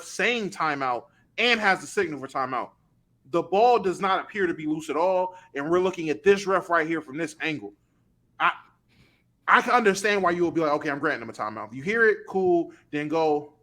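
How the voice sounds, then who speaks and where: A man's voice: sits high, expressive, fairly quick, fairly bright tone. A man co-hosting a casual sports podcast, asking questions and walking through a replay step by step. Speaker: podcast co-host.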